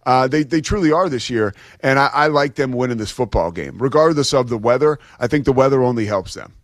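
A man's voice: medium pitch, lively intonation, a little fast, dry recording, studio quality. A man appearing as a guest sports commentator, chatty and enthusiastic about the games. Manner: enthusiastic, chatty, easy laughs. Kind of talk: casual sports talk.

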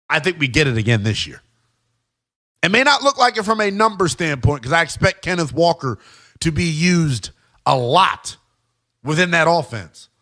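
A man giving an emphatic football analysis monologue, talking straight to his viewers. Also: fairly high pitch. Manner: emphatic, animated, addresses viewers as guys and y'all. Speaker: sports commentator.

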